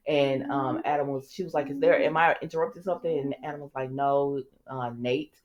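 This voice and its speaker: A woman's voice: very deep voice, steady tone, fairly quick, darkish tone, muffled recording. A woman casually recapping soap opera scenes in a sassy, chatty way, talking straight to her viewers and acting out the characters' lines.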